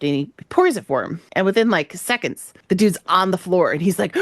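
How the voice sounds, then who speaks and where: A woman's voice: medium pitch, unhurried, dry recording, studio quality. A woman co-hosting a podcast, chatting casually and retelling a game story, laughing often and acting out the lines. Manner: animated, laughs often, acts out quotes. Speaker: podcast co-host.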